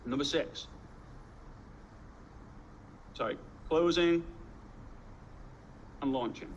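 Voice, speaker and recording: A man gives a motivational talk with a fairly high voice. He tells energetic stories and drives his points home with punchy repetition. A faint noise runs behind him. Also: rough recording. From Liverpool, England. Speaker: network marketing trainer.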